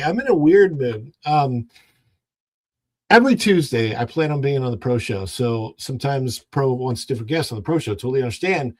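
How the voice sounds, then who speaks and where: A man's voice: mid-range voice, expressive, moderate pace, dry recording. A man hosting a casual home livestream who rambles and greets chat viewers one by one. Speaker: livestream host.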